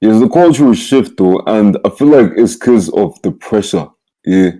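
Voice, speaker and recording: A young man hosts in a very dark, mellow, low voice. He speaks earnestly and tags many sentences with "yeah.". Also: lively intonation, moderate pace, low-quality recording. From Nigeria. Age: young adult. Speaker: podcast host. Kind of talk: casual chat.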